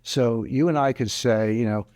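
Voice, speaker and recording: A man's voice: mid-range voice, normal speed, darkish tone, no room sound, clean studio sound. A man giving interview answers on economics in an emphatic, explanatory way, hammering home his key points. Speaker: interview guest, economic commentator.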